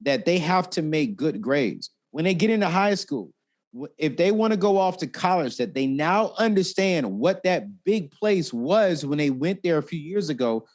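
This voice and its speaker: Animated man telling money stories. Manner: expressive, acts out quotes with big pitch jumps, talkative. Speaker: guest, personal finance expert. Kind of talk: animated interview storytelling.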